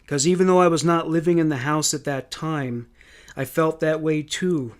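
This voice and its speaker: A man's voice: a little high, fairly even intonation, close to an everyday voice. A man reading as a hesitant grieving daughter. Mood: somber. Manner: halting, hesitant testimony read aloud. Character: grieving young adult daughter testifying.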